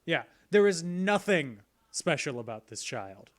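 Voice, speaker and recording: A man's voice: on the high side, measured pace. Joking man recapping on a podcast. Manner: relaxed recapping, joking, light laughs. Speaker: podcast co-host. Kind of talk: casual chat.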